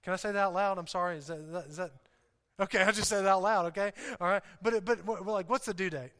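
A man preaching a sermon to a congregation in an animated, joking way, often repeating himself and restarting. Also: high-pitched, quick pace. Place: church hall. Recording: hall reverb.

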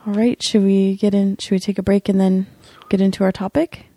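A woman co-hosting a casual podcast, making dry deadpan jokes and steering the talk. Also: mid-range voice, a little fast, no echo. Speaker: podcast co-host.

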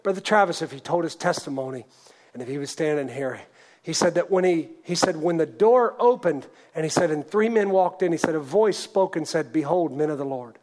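High-voiced earnest man preaching. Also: lively intonation, a little fast. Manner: earnest, swings from hushed to shouted. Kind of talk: sermon testimony storytelling.

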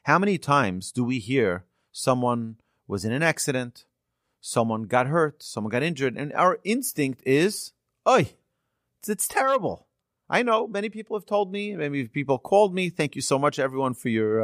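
A man's voice: mid-range voice, moderate pace, no room sound, studio quality. A man giving an earnest sermon full of stories, his voice climbing for emphasis at key moments. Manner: earnest, animated storyteller with rising emphasis. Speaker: rabbi giving a talk. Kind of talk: sermon with storytelling.

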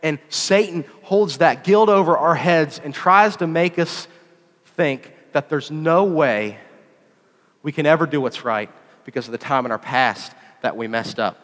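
A fairly high-voiced man preaches in a lively, chatty way and drives his points home by repeating phrases. His voice rings out through a hall with a long echo. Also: measured pace. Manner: animated, conversational preaching with repetitions. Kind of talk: sermon.

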